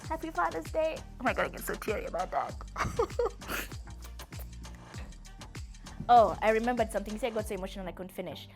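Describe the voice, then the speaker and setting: A woman's voice: a little high, lively intonation, fairly quick, long pauses, soft background music. A young woman, fondly addressing her father in a chatty, giggly, emotional way. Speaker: vlogger. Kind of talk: heartfelt personal address.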